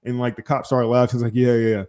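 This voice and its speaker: In a fast, medium-pitched voice, a young podcast host relays a story during casual chat. He curses, stays animated, and acts out each side of the phone calls.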